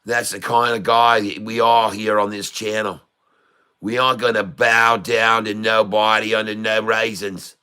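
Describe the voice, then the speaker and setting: A man's voice: on the low side, flat delivery, measured pace, pushed and bright, smooth. A man hosting a casual day-trading livestream, talking in a folksy, joking, rambling way.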